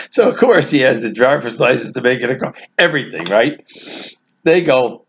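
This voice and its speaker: A man casually telling a family anecdote, animated and laughing through his own story. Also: medium pitch, unhurried, slight background noise. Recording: dull lo-fi recording.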